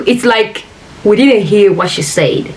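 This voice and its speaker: A woman recounts a painful personal story for her vlog audience. She speaks earnestly at a middling pitch and acts out each quoted exchange. She sits a little back from the mic, and a faint hiss runs under her voice. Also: takes it slowly, recorded from a distance. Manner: earnest, addresses viewers as "guys", acts out quoted dialogue. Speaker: vlogger. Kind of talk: emotional storytime retelling.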